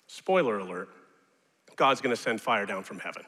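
A man preaching a sermon as pastor, animated and rising now and then to loud mocking shouts. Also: mid-range voice, a little slow. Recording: long reverb of a large hall.

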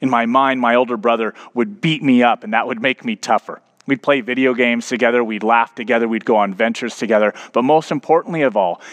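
A man's voice: medium pitch, a bit bright. Man preaching a storytelling sermon. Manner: storytelling, rising to emphatic preaching. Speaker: pastor.

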